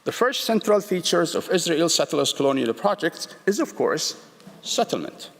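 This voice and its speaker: A man presenting a formal legal argument before a court, read from a prepared text, measured and deliberate with frequent restarts. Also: fairly high pitch, sing-song, vocal fry. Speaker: state representative pleading before an international court. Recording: long reverb of a large hall.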